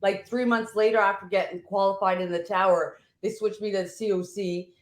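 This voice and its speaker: A woman's voice: medium pitch, fairly even intonation, moderate pace. Chatty woman host in an echoey room. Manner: chatty, explains with many restarts. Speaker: podcast co-host, veteran. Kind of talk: casual conversation. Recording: roomy echo.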